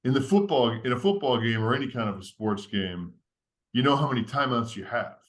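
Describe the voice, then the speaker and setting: This podcast guest is a man with a mid-range voice who moves fairly quickly as he lays out a framework step by step. His tone is earnest and teacherly, and his steady, structured delivery recalls an experienced author talking through ideas.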